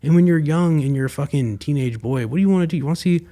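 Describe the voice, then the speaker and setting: A man's voice: on the high side, fast, dark tone. A young man hosting his own podcast, talking casually and rambling with lots of fillers and swearing. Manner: rambling, profane, filler-heavy. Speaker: podcast host. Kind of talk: casual solo commentary.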